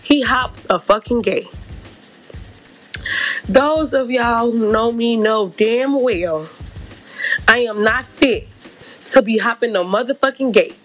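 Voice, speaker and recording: A woman telling a personal story in a casual, animated and profane storytime monologue. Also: fairly high pitch, takes it slowly, long pauses, soft background music. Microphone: podcast mic.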